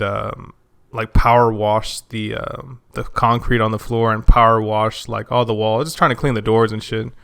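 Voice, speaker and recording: A young man chatting as a podcast guest, telling a story in an animated way with lots of profane slang. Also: lowish voice, gravelly, clean tone, dry recording, studio quality. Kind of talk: casual chat.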